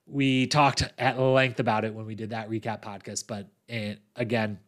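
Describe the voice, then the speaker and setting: A man hosting a podcast, recapping a reality competition season in a chatty, animated storytelling way with quick asides. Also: on the low side. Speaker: podcast host.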